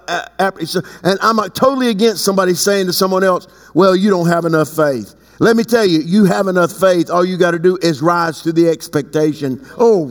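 A man preaching a sermon as pastor, swinging between slow emphatic stretches and sudden high leaps. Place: church sanctuary. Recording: long hall reverb.

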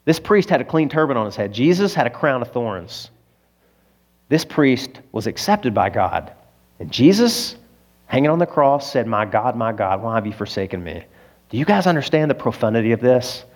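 A man preaching a sermon as a pastor. His delivery swings between loud emphasis and hushed, low moments, and he is emotional, close to tears. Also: very animated, normal speed.

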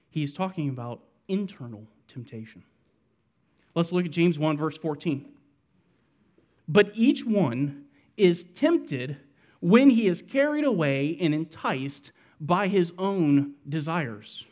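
Male preacher, higher voice, expository sermon delivery with emphatic rises.

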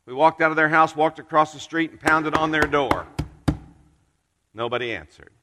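A man preaching a sermon from a church pulpit, telling a personal story in an earnest, unhurried way with dramatic pauses. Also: fairly high pitch, big-room sound, background noise. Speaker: pastor.

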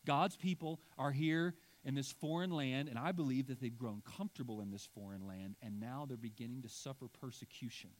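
A man's voice: medium pitch, fairly quick, few pauses. A middle-aged man preaching a sermon to a congregation, talking casually with frequent asides and rising to emphatic points. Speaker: pastor.

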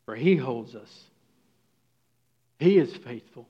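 A man with a somewhat high voice preaches a sermon to his congregation. He moves from loud, emphatic lines to hushed, quiet ones. The recording sounds dull and lo-fi. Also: normal speed. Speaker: pastor.

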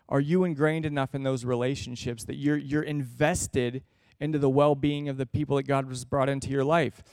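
A man's voice: medium pitch, steady tone, brisk, darkish tone, clear, resonant tone, no echo, studio quality. A man in his thirties preaching a sermon in an earnest, conversational way, acting out everyday exchanges.

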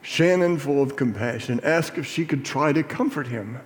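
A man reading a personal memoir aloud in a measured, earnest storytelling manner, in a reverberant room. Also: medium pitch. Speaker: reader. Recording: reverberant hall.

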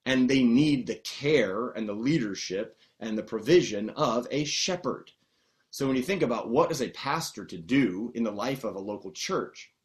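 A man with a fairly low voice gives a teaching sermon. He talks conversationally, often pausing on fillers and restarting phrases as he walks through Greek terms patiently. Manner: explains Greek words patiently. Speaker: pastor.

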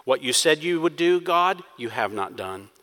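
A man's voice: fairly high pitch, very animated, moderate pace, pushed and bright, in a large hall. A man preaching a sermon, acting out quoted prayers with rising intensity. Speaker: pastor.

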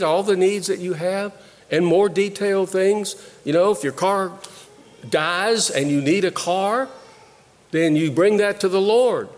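A man preaching a sermon, slow and deliberate, pausing and repeating phrases as he teaches. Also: sits high, in a large hall. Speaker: pastor.

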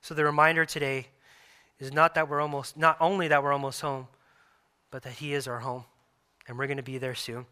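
A man in his thirties, a pastor preaching a sermon earnestly, repeating phrases and restarting softly. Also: medium pitch, flat delivery, brisk, pauses often, clear, resonant tone.

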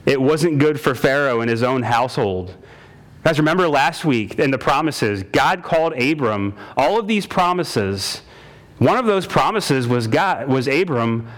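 A man's voice: fairly high pitch, very animated, unhurried. A male pastor preaching a sermon, stressing points by repeating them and addressing listeners as "guys". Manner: emphatic preacher, repeats lines for stress, says "man" and "guys".

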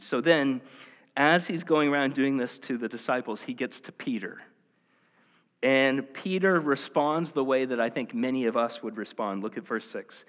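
A man's voice: medium pitch, moderate pace, fairly bright tone. A man preaching a casual, conversational sermon, full of "like" and "you know". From rural Iowa. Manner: casual and chatty, with many "like" and "you know" fillers. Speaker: pastor. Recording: echoey hall, slightly dull sound.

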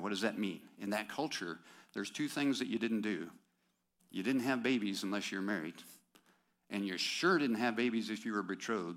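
A man with a fairly low voice preaches a sermon at a church service. He talks to the congregation in a conversational way, asking rhetorical questions and tossing in quick asides. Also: a bit bright. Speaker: pastor.

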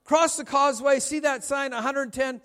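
A middle-aged pastor delivers a light, joking sermon, spinning anecdotes in a loose, self-mocking way. His voice sits high for a man. The sound trails off in the long reverb of a large hall. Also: fairly even intonation, moderate pace, a bit bright. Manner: chatty, self-mocking storytelling with frequent laughs. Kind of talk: humorous sermon.

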